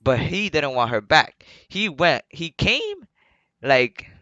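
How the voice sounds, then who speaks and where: A man's voice: on the high side, wildly swooping pitch, slow, sharp tone, no room sound, highs cut off. A young man telling a story casually and profanely on a live stream, laughing as he goes. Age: young adult.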